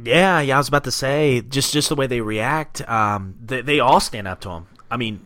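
A man co-hosting a casual podcast chat, excitedly recapping comic scenes. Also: medium pitch, normal speed, no echo. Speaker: podcast co-host.

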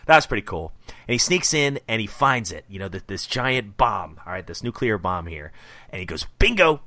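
A man's voice: fairly low pitch, animated, moderate pace, pushed and bright, dry recording. A man hosting a casual comic book review chat, enthusiastic and a bit rambling. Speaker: podcast host.

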